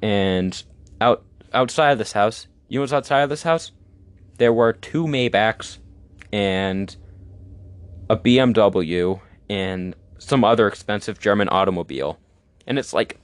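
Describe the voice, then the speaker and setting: A man's voice: lowish voice, a little slow, smooth, no room sound. A young man hosting his own show, giving opinions in a rambling, casual monologue. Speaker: podcast host.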